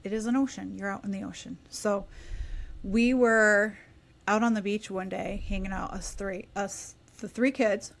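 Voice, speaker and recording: A woman in her thirties tells a story as a podcast guest, talking casually. She is animated, and now and then she drops into quieter asides. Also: medium pitch, normal speed, creaky.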